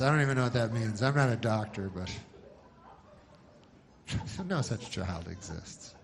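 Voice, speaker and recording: A male stand-up comedian telling jokes in a deadpan, rambling way, with long digressive setups full of filler words. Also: lowish voice, unhurried, gravelly, pauses often.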